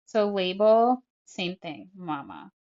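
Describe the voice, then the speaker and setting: A woman with a lowish, sing-song voice talks slowly on a muffled recording. She's a speech-language pathologist casually walking through an app tutorial step by step, chatty, narrating every tap and using lots of fillers.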